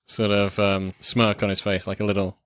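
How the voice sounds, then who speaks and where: A man co-hosting a casual film podcast, talking haltingly with many fillers. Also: fairly low pitch, flat delivery, fairly bright tone, no echo, studio quality. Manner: halting, lots of fillers and swearing. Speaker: podcast co-host. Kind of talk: casual film review chat.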